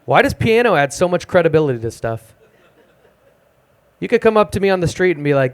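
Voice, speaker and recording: A young man doing a self-deprecating, deadpan stand-up set at an open mic in a small music club. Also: fairly high pitch, fairly quick, long pauses. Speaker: stand-up comedian.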